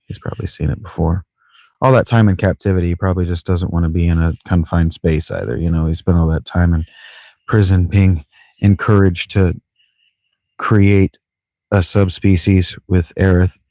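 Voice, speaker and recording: A man's voice: low-pitched, flat delivery, moderate pace, dark tone, no room sound. A man playing a story game, reading its lines aloud and adding rambling, self-mocking asides. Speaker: game streamer. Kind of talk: casual game commentary, reading dialogue aloud.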